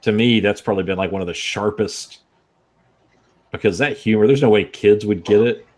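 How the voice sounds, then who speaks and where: Chill low-voiced dude joking around on a podcast. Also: male voice, steady tone, normal speed, darkish tone. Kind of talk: casual chat.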